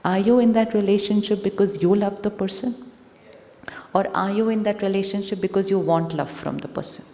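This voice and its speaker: A woman with an Indian accent giving a calm spiritual talk, asking questions of a live audience and slipping in Hindi phrases. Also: medium pitch, fairly quick. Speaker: spiritual speaker. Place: large conference hall. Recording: echoey hall, long reverb.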